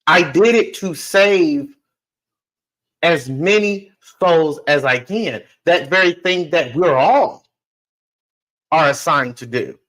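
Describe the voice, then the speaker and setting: A man hosting a podcast tells a personal story in an emphatic monologue, repeating phrases and speaking directly to listeners. His voice is on the high side, animated, slow and a bit bright. The audio quality is poor.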